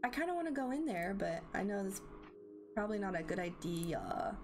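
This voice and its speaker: A woman's voice: mid-range voice, very animated, fairly quick. A woman commenting as she plays a video game, chatty and thinking aloud. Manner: chatty, thinking aloud, reacting with gasps and laughs. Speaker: gameplay commentator. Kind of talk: let's play commentary. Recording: game music playing behind.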